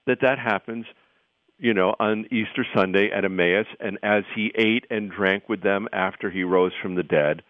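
A man, a seminary professor, explaining scripture as a radio guest, thoughtful and halting, with many restarts. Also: lowish voice, dry recording. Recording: tinny phone line.

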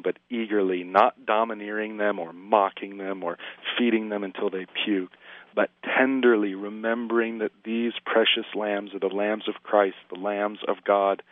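A man talking earnestly through scripture in conversation, slowing down when he quotes it. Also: on the low side, dry recording. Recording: dry tinny phone-like audio.

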